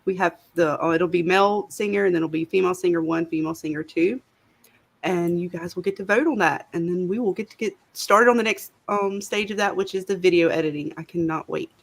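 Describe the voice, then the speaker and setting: A woman with a Southern US accent co-hosts a casual livestream, chatting away and greeting viewers by name. She speaks briskly in a fairly low voice with vocal fry.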